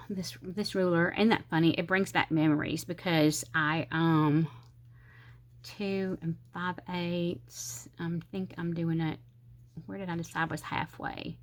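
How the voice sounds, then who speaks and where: A somewhat low, slightly bright voice belongs to a middle-aged woman with a Southern US accent who hosts a planner channel. In her casual crafting vlog she rambles while decorating her planner, her speech a bit slurred, and at times she counts softly to herself.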